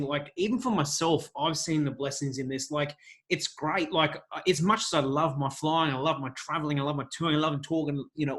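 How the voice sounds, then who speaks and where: A man hosting a spiritual podcast, chatty and quick, calling his guest mate. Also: a little high, fairly bright tone. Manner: rapid, chatty, says mate often. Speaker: podcast host, medium. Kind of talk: casual podcast chat.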